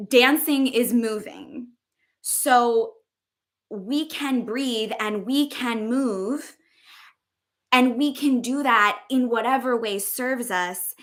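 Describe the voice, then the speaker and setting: Woman host, young adult, bright voice, casual spiritual teaching, relaxed with lots of "um" and "like". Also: fairly high pitch. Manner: unhurried, loose, with frequent fillers. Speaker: podcast host and embodiment teacher.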